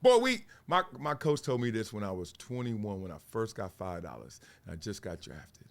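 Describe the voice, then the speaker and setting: A man, giving playful, animated casual commentary on sports media. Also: fairly low pitch, normal speed, creaky. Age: 40s. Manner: animated, playful, acts out quotes in voices.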